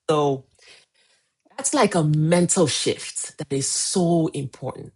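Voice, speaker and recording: A woman's voice: deep voice, takes it slowly, a little mellow, slightly rough. A woman in her forties coaching on a casual livestream, emphatic and repeating key phrases. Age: 40s. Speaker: weight-loss coach. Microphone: phone livestream.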